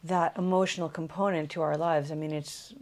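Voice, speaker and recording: A woman hosting an interview podcast, attentive and affirming, giving frequent soft acknowledgements. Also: low voice, steady tone, a little fast. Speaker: podcast host. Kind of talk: interview conversation.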